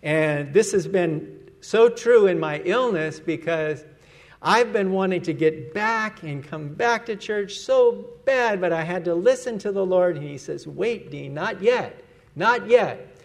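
A man's voice: high-pitched, lively intonation, a little slow. A man preaching a sermon as pastor, earnest and emphatic, letting his voice fall at the end of each phrase.

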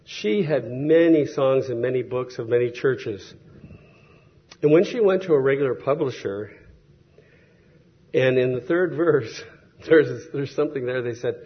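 A man's voice: medium pitch, measured pace, pauses often, breathy edge, lo-fi sound. A man preaching a sermon in a conversational, storytelling way, acting out the people he quotes.

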